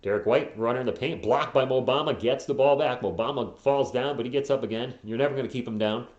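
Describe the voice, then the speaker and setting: Hoarse guy doing casual play-by-play for a fan stream, jokey asides, kinda muffled roomy sound. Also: mid-range voice, darkish tone. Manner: quick play calls mixed with joking asides and chat replies. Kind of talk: casual live play-by-play commentary.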